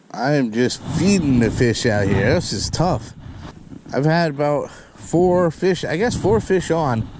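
A man filming a fishing vlog outdoors by a canal, talking to viewers and getting loud and excited whenever a fish bites. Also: medium pitch, noisy background. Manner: excitable, talks to viewers as "guys", shouts and laughs when a fish bites. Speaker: fishing vlogger.

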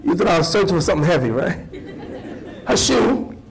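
An imam giving an animated sermon-style lecture to a live audience, repeating phrases for emphasis and putting questions to the listeners. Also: male voice, high voice, brisk, gravelly, a faint crowd, low-quality recording. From United States.

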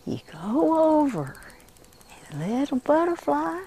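Animated woman leading kids through a story. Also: medium pitch, slight background noise. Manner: animated, slows and drops to a hush for gentle moments. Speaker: educator leading a children's story activity. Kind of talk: interactive storytelling with movement for children.

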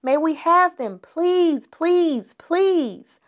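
Woman doing high whiny begging bear cubs. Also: very slow, exaggerated voice. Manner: whining, begging, excited. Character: whiny pleading little bear cubs, boy and girl.

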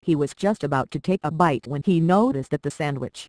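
A narrator reading a children's storybook aloud in a steady, even manner. The voice sits at a middle pitch, and the recording is dry and close with no room sound. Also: fairly quick, dry recording, poor audio.

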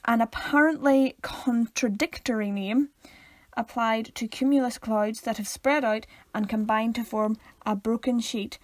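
A young Northern Irish woman with a high voice chats casually as a podcast co-host. She cracks deadpan jokes and stumbles a little when reading aloud, close to the mic in a dry room. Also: no echo. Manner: playful, deadpan jokes, reads aloud haltingly. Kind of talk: casual chat.

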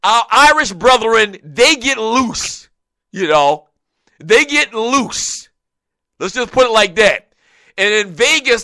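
A man hosting a casual sports talk show, spinning long, animated stories with plenty of asides. His voice is high for a man and forward. The sound is dry and close. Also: smooth, no room sound. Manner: rambling, animated storytelling.

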